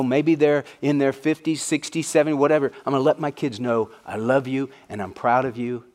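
A man's voice: medium pitch, brisk, hardly any pauses, darkish tone. Earnest middle-aged man preaching a sermon. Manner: earnest, repeats phrases for emphasis. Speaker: pastor.

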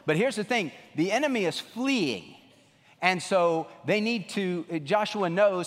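Animated preacher man in a reverberant hall. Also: a little slow. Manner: animated preaching with big pitch swings and emphatic repetition. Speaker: pastor. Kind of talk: sermon. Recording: long reverb of a large hall.

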